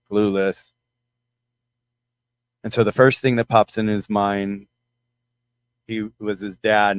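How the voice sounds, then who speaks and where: A middle-aged man telling a personal story to his followers in a rambling, halting way, with many restarts. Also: lowish voice, no echo. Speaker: channel host.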